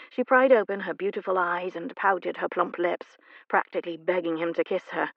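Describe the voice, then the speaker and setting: Gravelly woman audiobook narrator. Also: fairly low pitch, fairly even intonation, normal speed, no room sound, lo-fi sound. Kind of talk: scripted narration.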